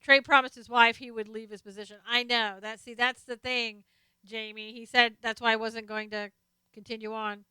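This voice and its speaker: A woman's voice: a little high, little pitch movement, moderate pace, bright, forceful tone, clean tone, no room sound. A woman hosting a live stream, casually chatting about politics and answering viewer comments as she reads them out. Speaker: live stream host reading chat.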